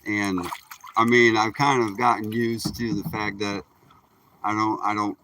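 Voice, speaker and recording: Fishing from a kayak on a creek for a live stream, a man from Michigan makes relaxed, folksy small talk. His fairly low voice stays level and a little slow, recorded outdoors by a distant mic with faint noise.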